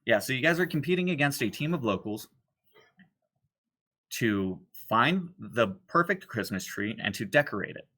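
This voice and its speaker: Bright-voiced man running a tabletop game. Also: lowish voice, poor audio. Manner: relaxed, occasionally losing his train of thought. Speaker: game master. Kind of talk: narrating a tabletop horror game.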